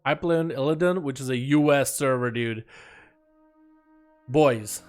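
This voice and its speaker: A man's voice: medium pitch, a little slow, soft background music. An American man hosting a live game stream, calling duels and chatting jokily with viewers. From United States. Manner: energetic, chatty, jokey with viewers. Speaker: streamer and duel host. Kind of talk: live game commentary and chat.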